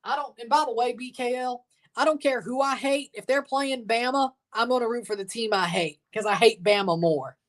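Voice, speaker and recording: A woman's voice: fairly high pitch, moderate pace. Give me a blunt, chatty woman doing live game reaction commentary, a little far from the mic. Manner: chatty, blunt, bursts into excited cheering. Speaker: livestream watchalong host.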